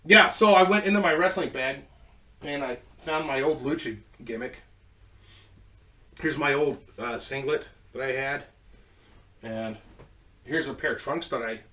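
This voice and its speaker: A man's voice: mid-range voice, bright, forceful tone, recorded from a distance. A man telling a rambling, profane wrestling story in a casual way, laughing as he goes. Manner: rambling, swears a lot, laughs at own story.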